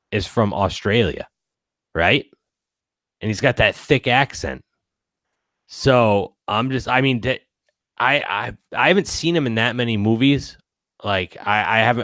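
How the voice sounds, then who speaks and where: A man's voice: on the low side, a bit bright, no room sound, clean studio sound. A man co-hosting a casual podcast, swearing often. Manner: swears a lot, laughs easily. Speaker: podcast co-host.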